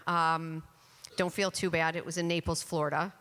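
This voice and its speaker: A woman's voice: sits low, flat delivery, normal speed, a bit bright, slight background noise. A middle-aged woman speaking on a conference panel, telling a story in a candid, chatty, self-deprecating way into a handheld mic. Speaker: panelist, chief marketing officer. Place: conference hall on stage. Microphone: handheld microphone. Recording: reverberant hall.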